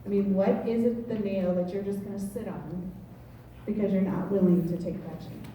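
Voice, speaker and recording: A woman team leader giving a motivational sales talk to a room, telling stories in an animated way, heard from far off. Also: medium pitch, moderate pace, very echoey, slight background noise. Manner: animated storytelling, laughs often. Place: meeting room with audience. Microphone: far from the mic.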